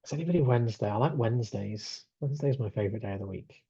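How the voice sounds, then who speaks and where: A man hosting a webinar over a video call chats easily and reads replies from the chat with plenty of ums. His voice is mellow and dark, heard dry and close. The audio has a slightly dull, muted edge. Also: mid-range voice, fast, husky, no room sound. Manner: chatty, reads out chat replies, many fillers. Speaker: webinar host.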